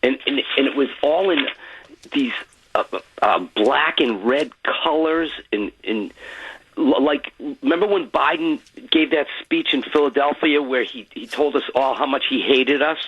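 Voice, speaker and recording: Husky male caller on a dull line. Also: medium pitch, fairly bright tone. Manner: halting, emotional, stammering restarts. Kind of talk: phone-in call.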